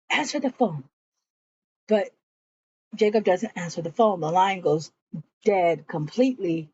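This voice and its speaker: A woman's voice: mid-range voice, a little mellow, no echo, dull audio. A woman casually recapping a TV episode in a chatty way, acting out bits of the characters' lines. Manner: chatty retelling, acts out quoted lines. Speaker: TV series reviewer.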